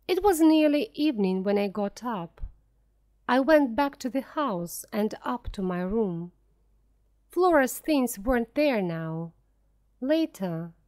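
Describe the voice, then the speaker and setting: Slow, deliberate woman reading a story. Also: on the high side, darkish tone. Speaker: audiobook reader. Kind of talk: reading a simplified story aloud.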